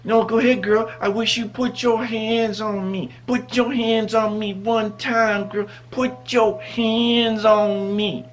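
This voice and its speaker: A woman's voice: medium pitch, brisk, few pauses, faint music behind, lightly acted. A man voicing a brash, confrontational woman on a subway who taunts and dares her rival. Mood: taunting. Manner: taunting, challenging.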